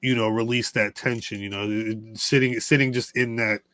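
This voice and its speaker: A man co-hosting a podcast speaks in a bright, forward voice, recorded close and dry. He talks thoughtfully, hesitating and restarting his sentences. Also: fairly low pitch, steady tone, moderate pace, no echo. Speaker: podcast co-host. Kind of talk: casual chat.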